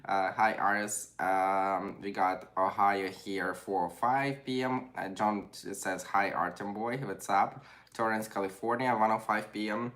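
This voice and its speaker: A young man with a Ukrainian accent hosts a relaxed livestream, reading viewer greetings aloud. His voice sits low, and his phrasing is loose and non-native. He keeps up a steady stream of casual chat. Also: a little slow. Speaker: livestream host.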